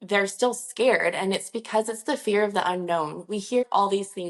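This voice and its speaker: A woman's voice: medium pitch, moderate pace. A woman working as a nurse injector, talking casually to camera in a chatty, reassuring, rambling way. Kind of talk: casual talk-to-camera vlog.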